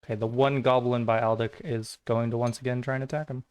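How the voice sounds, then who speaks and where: A man's voice: medium pitch, flat delivery, quick pace, a little mellow, clear, resonant tone. A man running a tabletop game as game master, describing enemy moves and calling for saves in a plain, matter-of-fact way.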